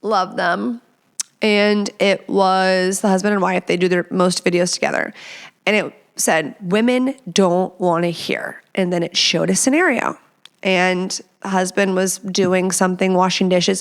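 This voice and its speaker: A woman hosting a casual podcast, chatty and playful, dropping into quick whispered asides. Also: medium pitch. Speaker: podcast host.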